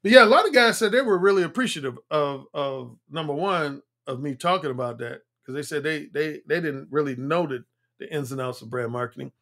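A man's voice: on the high side, brisk, fairly bright tone. A man who works as a dating coach, talking through a livestream in a conversational, explanatory way, repeating points for emphasis. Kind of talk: livestream monologue.

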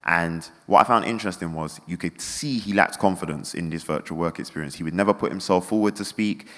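A man, speaking low and rapidly as a guest at a live event. He tells his story with energy and acts out the quotes. His voice echoes through a large hall. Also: fairly bright tone. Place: indoor event venue.

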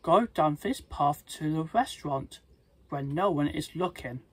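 Big Bad Wolf, as a reader puts him on, husky and slow. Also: mid-range voice, expressive, darkish tone. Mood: scheming. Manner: slow, plain storybook reading with restarts. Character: scheming male wolf father, bad-natured.

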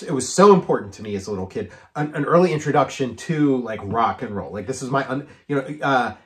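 A middle-aged man hosting a podcast, chatting in a loose, rambling way. His voice sits at an ordinary male pitch, and he restarts his sentences often. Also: animated, fast talker. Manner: rambling, restarts, many fillers. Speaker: podcast host. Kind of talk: casual chat.

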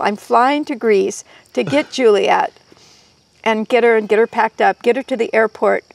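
A woman guest in an interview, telling stories in a lively way and quoting people as she goes. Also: fairly high pitch, vocal fry, no room sound. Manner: lively storyteller, quoting others in their voices. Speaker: guest herbalist. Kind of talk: storytelling in an interview.

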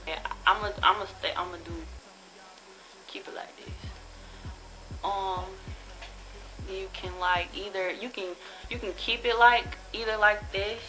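A young woman talks through a haul of jewelry at her own loose pace. She is blunt and profane and keeps gushing over each piece. Clear music plays behind her voice. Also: medium pitch, rough recording. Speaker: vlogger reviewing a jewelry haul. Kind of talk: casual haul review.

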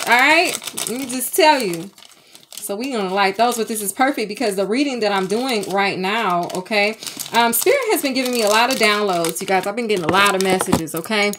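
A woman's voice: medium pitch, moderate pace, a little hiss or hum. A woman, chatting animatedly as a spiritual medium in a home vlog, often checking in with the viewers. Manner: animated, chatty, keeps checking in with "okay?" and "y'all". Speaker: spiritual medium and tarot reader. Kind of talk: casual spiritual vlog chat. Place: home room with sage smoke.

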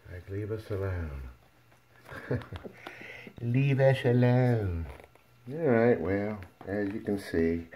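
A man's voice: lowish voice, darkish tone, slight background noise. A man breeding dogs, talking casually to puppies on a home video and cooing at them playfully, sometimes in a whisper. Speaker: dog breeder. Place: indoor room at home.

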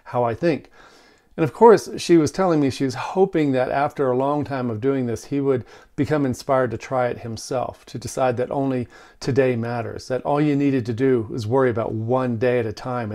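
A man hosting a men's relationship video, casually recorded in his workshop and telling a story with animated quoted lines. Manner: animated storyteller, quoting with raised pitch. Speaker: host of a men's relationship channel. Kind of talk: casual talking-head video.

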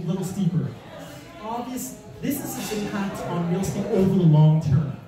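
Man presenting a seminar, lively, rhetorical, recorded far off with audience in the room. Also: sits high. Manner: animated, rhetorical questions, mock panic. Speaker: real estate investing speaker. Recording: echoey room, distant mic, audience.

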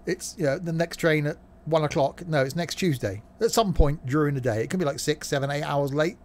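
A man's voice: a little high, brisk. A man streaming a train simulator, chatting casually and joking with his viewers as he drives. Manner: joking, chatty, banters with chat. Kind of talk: casual live-stream chat while playing.

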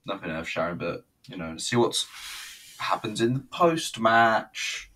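A man's voice: lowish voice, sing-song, measured pace, pushed and bright. A man giving a casual, rambling, profane and self-mocking review of a wrestling show. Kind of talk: casual solo review commentary.

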